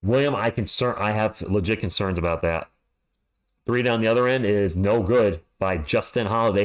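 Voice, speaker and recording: A man calling a live game as a fan play-by-play streamer. He is excitable, talks to his chat, and yells at the team, alone at home. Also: on the low side, moderate pace.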